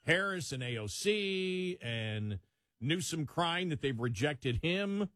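A man's voice: on the high side, expressive, takes it slowly, a bit bright, dry recording, studio quality. A man with a Buffalo accent co-hosting a radio talk show in casual, loose on-air chat. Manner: conversational, loose, chuckling.

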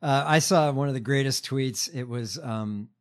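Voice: medium pitch, moderate pace. A podcast co-host in casual chat who talks hesitantly, with many ums and restarts.

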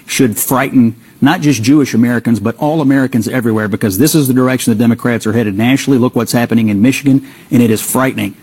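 Husky man arguing hotly. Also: mid-range voice, rough recording. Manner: forceful, indignant argument. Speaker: guest commentator. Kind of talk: political commentary.

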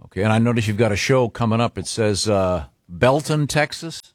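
A man's voice: lowish voice, animated, fairly quick, dry recording. Chatty male radio host, dry sound. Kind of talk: interview chat.

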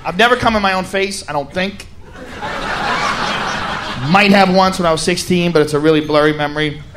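A young man doing a stand-up comedy set on a stage, telling crude, profane stories in an animated way. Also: high-pitched, brisk, background noise. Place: comedy stage before an audience. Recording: live stage with crowd laughter.

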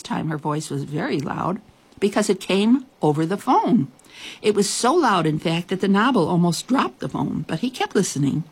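A woman narrating a children's story, expressive and drawing out words. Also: on the low side, gravelly, husky. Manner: expressive, drawn-out reading.

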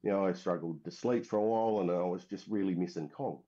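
A mellow, low-sitting voice talks fast as this middle-aged veteran from Western Australia shares his story. He meanders, often restarting and using fillers, and the recording is dull and lo-fi.

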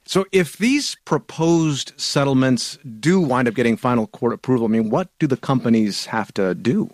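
A man hosting a radio news program, asking questions in a relaxed and joking way. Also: mid-range voice, moderate pace, no room sound, studio quality. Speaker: news host.

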